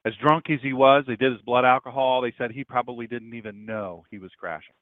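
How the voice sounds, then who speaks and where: A male pastor preaching, moving from loud passages into quiet, hushed ones as he tells a story. His voice comes through a thin, phone-like line with no room echo at all. The pitch is mid-range for a man. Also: steady tone, fairly quick. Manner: dramatic swings between loud and hushed. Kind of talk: sermon storytelling.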